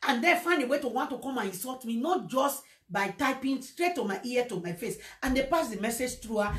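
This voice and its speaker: A woman with a Nigerian accent telling a personal story in a casual livestream, animated and slipping into Pidgin. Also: fairly high pitch, a little fast, hardly any pauses, soft background music. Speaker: social media presenter. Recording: echoey room.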